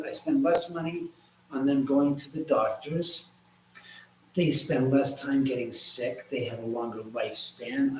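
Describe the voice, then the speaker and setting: In his home kitchen, a man with a mid-range voice cooks while hosting a casual livestream, rambling chattily as he reads viewer comments. The sound is distant and echoey, with faint ambience and slight background noise.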